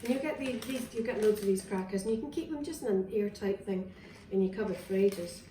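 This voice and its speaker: A woman's voice: medium pitch, lively intonation, fairly quick, noisy background. A woman with a Scottish accent casually walks through a cooking demonstration in her home kitchen. She talks in a chatty, rambling way, with fillers and restarts. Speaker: wellness vlogger. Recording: roomy, distant, with clattering kitchenware. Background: clinks of dishes, cutlery and pans.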